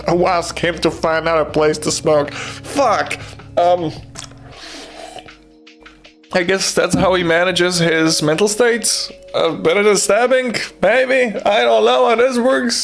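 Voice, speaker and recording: Sex: man. Role: streamer reading a visual novel aloud. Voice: slightly high, gravelly. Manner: jokey, swearing. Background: faint game music. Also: steady tone, slow, a bit bright. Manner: jokey, swearing, breaks into laughter and silly outbursts.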